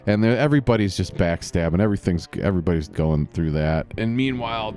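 Rambling, self-correcting podcast host. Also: male voice, lowish voice, normal speed, a little mellow, faint music behind. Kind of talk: casual solo podcast recap.

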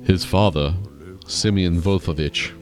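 Deep-voiced man reading a mock documentary. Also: measured pace, loud music behind the voice. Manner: mock-serious, playfully absurd. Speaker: podcast host. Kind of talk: comedic read-aloud narration.

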